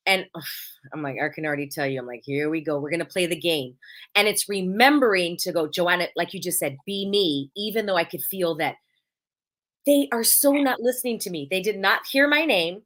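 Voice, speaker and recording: A woman's voice: mid-range voice, animated, a little fast, a bit bright. A woman hosting a casual podcast chat, blunt and emphatic, acting out little quoted exchanges. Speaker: podcast host.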